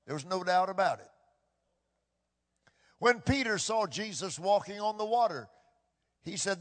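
A man with a high voice preaches a sermon, his delivery impassioned and swinging between hushed tones and loud bursts. He drives points home by repeating phrases. His voice rings with a long reverb, as in a large hall. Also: animated, measured pace, pauses often.

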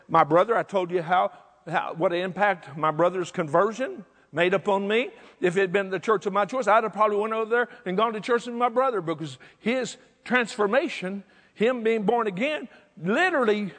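A man's voice: high-pitched, a bit bright, long reverb tail. An older male pastor preaching a sermon emphatically, with repetition.

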